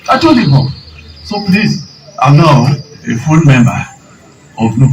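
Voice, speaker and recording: A man's voice: a little high, big pitch swings, a little slow, long pauses, over music. A man with a Ugandan English accent, a by-election candidate, speaking at a press briefing and retelling exchanges with quoted lines. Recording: noisy room from far off.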